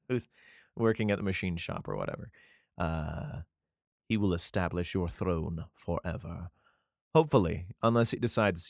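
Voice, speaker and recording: A man's voice: low voice, creaky, no echo, clean studio sound. Man reading scripture with crude jokes. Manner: mixes solemn archaic reading with crude jokes; laughs often, profane. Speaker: scripture reader and commentator. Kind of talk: irreverent comedic Bible reading.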